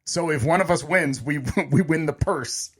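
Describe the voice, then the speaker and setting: A man's voice: fairly high pitch, moderate pace, fairly bright tone, husky. A middle-aged man co-hosting a casual podcast, joking around and laughing often while he talks. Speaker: podcast co-host. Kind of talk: casual chat.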